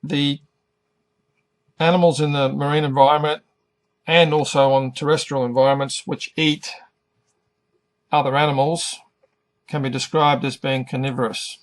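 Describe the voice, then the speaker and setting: A middle-aged man teaching an English lesson, pronouncing each word carefully and deliberately. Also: on the high side, little pitch movement. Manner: careful, over-articulated pronunciation. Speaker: ESL teacher.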